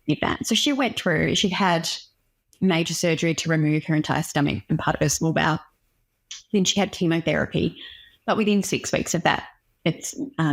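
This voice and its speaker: A young woman, a doctor speaking as a guest in an interview, telling a personal story frankly and with emotion. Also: low voice. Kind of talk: candid interview conversation.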